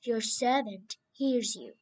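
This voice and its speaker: A woman voicing a sleepy old male priest in a storybook reading, tired and a little gruff. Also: on the high side, animated, slow, voice pushed down.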